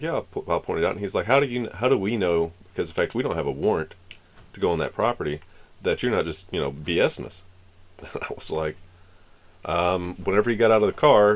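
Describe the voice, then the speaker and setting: A man streaming live, telling a long story in a casual, rambling way and acting out the lines of the people in it. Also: low-pitched. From Florida. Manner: rambling, acts out the dialogue of the people in his story.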